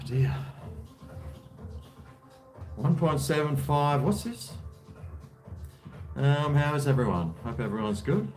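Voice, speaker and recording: A man's voice: fairly low pitch, darkish tone. A man, hosting a casual home livestream, tired and rambling with many fillers and restarts. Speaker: livestream host. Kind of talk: casual livestream chat while drinking.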